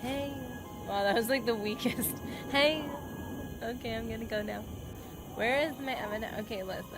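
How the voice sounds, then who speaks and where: A woman's voice: fairly high pitch, moderate pace. A woman streaming a game, chatting and laughing with her viewers as she plays. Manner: chatty, giggly, talks to chat. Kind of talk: casual gameplay commentary. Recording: game music behind.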